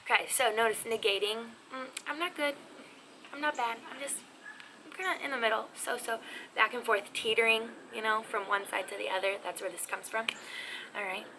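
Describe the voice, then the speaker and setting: A woman teaching a casual video lesson on sign language, talking in an animated, expressive, chatty way. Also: fairly high pitch, brisk. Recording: noisy background.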